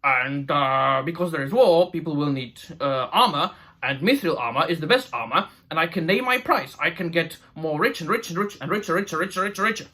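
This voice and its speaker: A man's voice: a little high, expressive, fairly quick, pushed and bright, full character voice. A man voicing a greedy, gloating old male dwarf king, in a comic retelling. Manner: gloating, self-satisfied.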